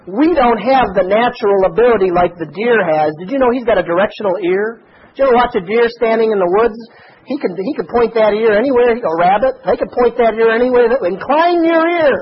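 A man's voice: very high voice, muffled recording, a little hiss or hum. A middle-aged man preaching a sermon, asking the listeners rhetorical questions and stressing his points. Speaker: pastor.

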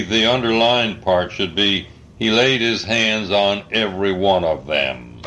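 An older man dictating an article slowly, saying the punctuation aloud, spelling out words, pausing often with uhs. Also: lowish voice, fairly bright tone, dull audio. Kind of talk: slow dictation with spoken punctuation.

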